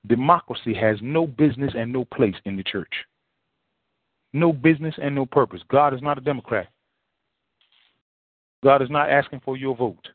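A man's voice: medium pitch, normal speed, pauses often, no echo. A male pastor preaching a sermon in a folksy, repetitive way, full of rhetorical questions. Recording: tinny phone-line sound, dry.

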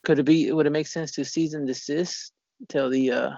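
A man in casual chat, rambling and halting, swearing often and restarting his sentences. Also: on the high side, steady tone, a little mellow, no room sound. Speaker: conversation partner. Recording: dull lo-fi recording.

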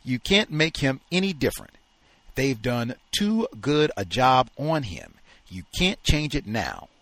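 A man reading aloud as a furious older kennel owner who has given up on people, gruff and shouting. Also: medium pitch, big pitch swings, measured pace, no room sound. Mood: growling. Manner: gruff, shouting, then forced restraint.

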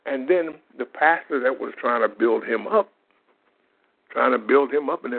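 Guy giving a folksy testimony, gravelly low voice, sounds like it's over a phone line. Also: moderate pace. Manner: plain-spoken, folksy storytelling. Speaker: lay minister. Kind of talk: informal testimony monologue. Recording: tinny phone-like audio.

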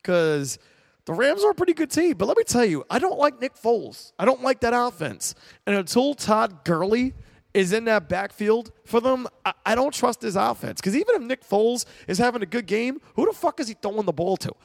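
A man's voice: extremely high pitch, very animated, fairly quick, creaky, no room sound. A man hosting a solo sports talk podcast, chatting loosely and rambling, swearing casually and getting heated when he argues his picks. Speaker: podcast host.

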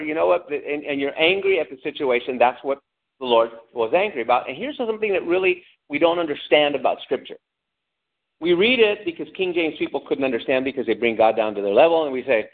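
A man preaching a sermon with lively delivery, asking the congregation questions and acting out angry cries. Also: on the high side, fast talker. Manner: animated preaching, calls out to the congregation, acts out angry shouts. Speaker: pastor. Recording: tinny phone-like lo-fi sound.

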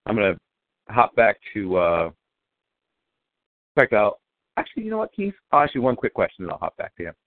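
A man's voice: fairly low pitch, huge pitch swings, moderate pace, pauses often. A male radio host interviewing football prospects, asking long, winding questions that restart often. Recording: phone-line call.

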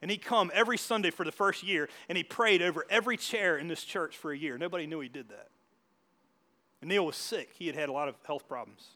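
A man's voice: a little high, quick pace, pushed and bright. A man preaching a sermon as pastor, telling stories in a church with frequent restarts and asides. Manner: storytelling with many restarts and asides. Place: church hall.

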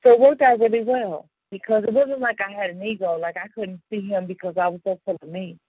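A woman's voice: mid-range voice, steady tone, a little fast, dry recording. Woman, radio host, from the chicago suburbs, casual storytelling, slangy, laughing often, dry and slightly muffled sound. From Chicago suburbs, United States.

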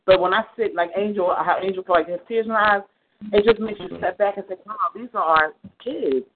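A man's voice: high voice, fairly even intonation, quick pace. A man on a ministry call, speaking with heartfelt, emphatic praise and repeating phrases for emphasis. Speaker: family member on a ministry call. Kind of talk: heartfelt church talk. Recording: tinny phone line with faint noise.

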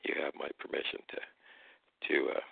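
A man telling a personal story as a guest and then arguing back at a caller, deliberate and confrontational. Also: no echo. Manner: deliberate, confrontational when challenged. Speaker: guest speaker. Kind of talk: casual storytelling and argument. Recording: tinny phone-line audio.

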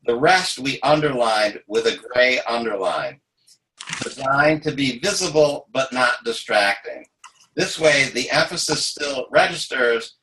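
Bright-voiced man leading a study group. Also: mid-range voice, rough recording. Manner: reads passages aloud carefully. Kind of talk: group discussion.

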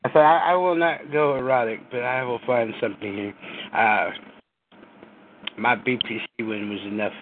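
A man chatting casually on an open mic call, relaxed and unhurried. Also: mid-range voice. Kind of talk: casual chat. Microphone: phone call. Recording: noisy phone line.

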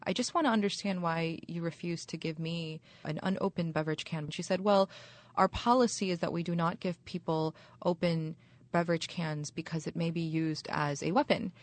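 Female chaplain, low voice, measured and polite while telling what happened to her. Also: steady tone. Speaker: university chaplain. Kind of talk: recounting a personal experience.

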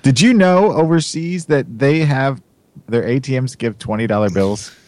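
A man's voice: medium pitch, moderate pace, darkish tone, no room sound. A man hosting a podcast, chatting in a playful, teasing way and asking lots of questions. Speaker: podcast host. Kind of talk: casual comedic podcast chat.

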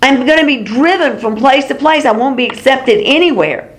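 Woman reading as a self-pitying complainer, whiny, pitched a bit high. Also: animated, moderate pace. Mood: whining. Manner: complaining, sorry for himself. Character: whining self-pitying guilty man.

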